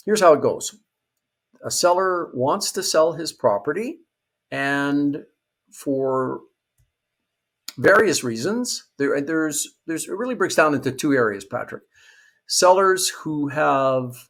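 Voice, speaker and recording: A middle-aged man explains a real estate investing strategy in an interview, telling a story and acting out what the people in it say. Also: mid-range voice. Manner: lively storyteller who acts out quoted people.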